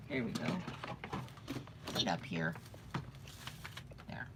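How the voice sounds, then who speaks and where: A woman's voice: medium pitch, slow, gravelly, heavy background noise. A woman vlogging in a casual, rambling way, thinking aloud as she shows her beadwork. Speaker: vlogger showing beading crafts. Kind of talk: casual chat.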